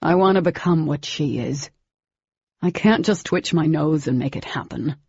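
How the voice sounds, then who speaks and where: A woman's voice: sits low, moderate pace, vocal fry, darkish tone, husky, no echo, dull audio, full character voice. A woman voicing an older male villain, cold, smug and calculating, in a clipped, condescending manner.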